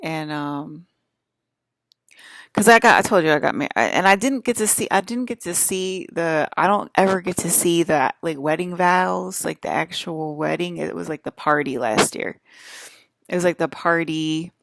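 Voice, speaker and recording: A woman with a fairly low, creaky voice talks at a normal speed with no room sound. She's a vlogger and mother of children, rambling casually to her audience from a hotel room, chatty and wandering, often restarting sentences midway.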